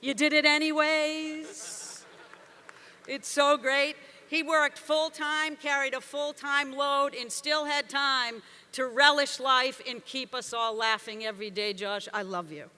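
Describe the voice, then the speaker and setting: High, bright woman in her sixties. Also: fairly even intonation, slow, a little hiss or hum. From Boston area, USA. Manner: jokey, emphatic, rousing the crowd. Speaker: commencement speaker. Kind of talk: commencement speech. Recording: long reverb from a large venue.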